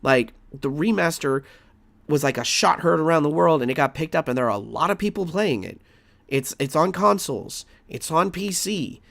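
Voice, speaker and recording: A man's voice: on the high side, lively intonation, moderate pace, creaky, fairly bright tone, dry recording. A man streaming live, reacting to a video and arguing back at it with rambling restarts and exasperated outbursts.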